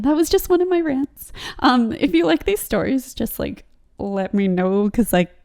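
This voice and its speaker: A woman's voice: a little high, mellow. A woman hosting a budgeting vlog, talking casually and rambling to her viewers with frequent "like"s and laughs. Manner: chatty, rambling, laughs often, fillers like "like". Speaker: budgeting channel host.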